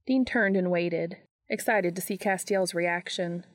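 A woman narrating a fan fiction audiobook in a steady, measured way. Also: lowish voice, no echo.

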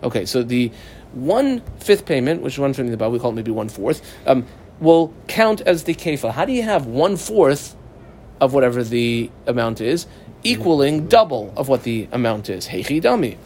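A man's voice: mid-range voice, very animated, normal speed, a little mellow, slight background noise. Man teaching a Talmud class. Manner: explains step by step, asking and answering his own questions; reads Aramaic text and translates phrase by phrase. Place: small study group.

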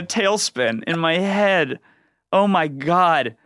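A man, a comedian guest on a podcast, tells a rambling comic story and acts out the quotes with sudden jumps in pitch. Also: sing-song, a little fast, a bit bright, dry recording, studio quality.

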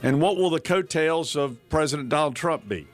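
A man hosting a talk radio show, speaking in an animated way with repeated phrases and joking with his co-host. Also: a little high, a little fast, music in the background.

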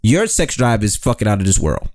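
A man's voice: on the low side, brisk, a little hiss or hum. A man co-hosting a podcast with his wife, telling teasing stories with plenty of swearing. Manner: animated, swearing, teasing storyteller. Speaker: co-host. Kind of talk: casual podcast banter with spouse.

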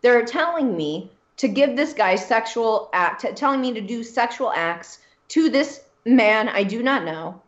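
A woman's voice: a little high, expressive, a little slow, hardly any pauses. A woman guest in an interview, telling a personal story in a candid, emphatic way and repeating phrases for stress. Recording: roomy, dull lo-fi sound.

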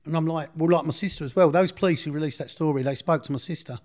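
A man's voice: fairly high pitch, quick pace, a little mellow. Middle-aged male interviewee, blunt, rambling storyteller who keeps correcting himself. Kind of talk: casual storytelling.

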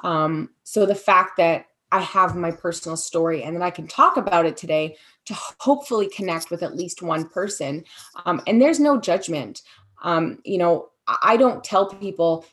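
A woman speaking candidly in an interview, talking haltingly with frequent fillers. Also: fairly low pitch, expressive, a bit bright. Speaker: guest sharing her story. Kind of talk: personal testimony interview.

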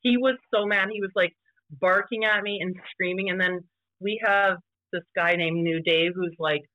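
A woman guest on a podcast, telling stories about playing vintage baseball in an animated, casual way. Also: normal speed, no echo, lo-fi sound. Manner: animated, voice jumps high when quoting others. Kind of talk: casual storytelling chat.

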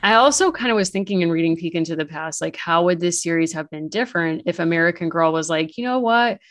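Lively low-voiced woman chatting. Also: fast talker, dry recording, clean studio sound. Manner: animated, filler-heavy, mimics characters in quotes. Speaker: podcast co-host. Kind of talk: casual chat about books.

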